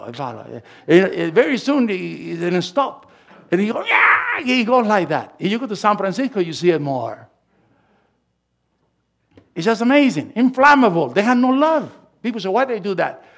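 A man preaching a sermon as pastor, swinging from quiet asides to loud, emphatic lines. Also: fairly high pitch, vocal fry.

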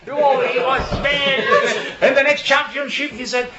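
High bright man, echoey lo-fi room. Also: background noise. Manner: halting, many repeated fillers and restarts. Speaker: bible study speaker. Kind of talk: informal bible talk with anecdotes. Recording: echoey room, dull lo-fi sound.

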